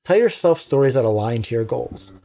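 A man who works as a teacher, talking casually on a podcast in an animated, motivational way, acting out little quotes. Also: mid-range voice, a little fast, vocal fry. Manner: animated, preachy motivational talk with acted-out quotes.

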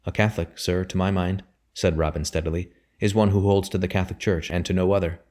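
A humble, earnest young son who speaks formally and respectfully to his father, pleading his case with steady resolve. A man reads him in a low voice lifted a little higher than his narration. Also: fast, lightly acted.

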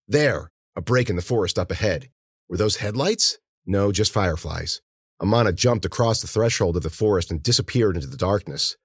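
Deep-voiced man narrating a tense audiobook. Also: breathy edge, dry recording, clean studio sound.

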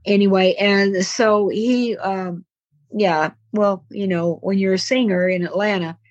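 A woman's voice: medium pitch, fairly even intonation, unhurried, a little mellow, no room sound, highs cut off. An older woman with a Southern US accent, a voice-over actress telling rambling stories full of asides in a casual interview. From American South. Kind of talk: casual anecdotal interview talk.

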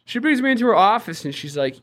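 A man's voice: high voice, fast. A young man co-hosting a podcast, telling school stories in casual, slangy chat. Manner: animated storyteller, slangy. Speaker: podcast co-host.

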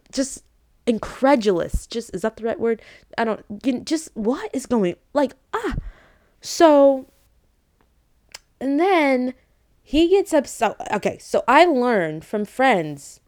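Young woman ranting late night, lots of likes, fed up but laughing it off. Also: on the high side. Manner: animated, exasperated, rambling with many likes. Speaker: vlogger. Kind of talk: late-night casual storytelling.

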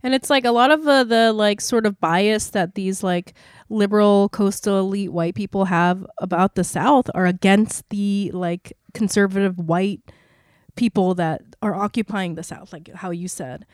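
A woman's voice: mid-range voice, normal speed, dry recording, studio quality. A woman co-host in casual conversation, speaking emphatically and agreeing often.

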